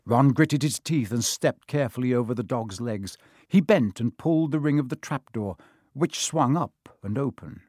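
A man narrating a storybook audiobook in a measured, expressive reading. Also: mid-range voice, no echo, clean studio sound.

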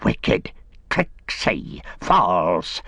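A man voicing a slimy, greedy, suspicious creature that hisses and wheedles, with wild leaps in pitch. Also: very animated, very slow, creaky, pushed and bright, dry recording, studio quality, full character voice. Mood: hissing. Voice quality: hissing, wheedling, erratic swoops.

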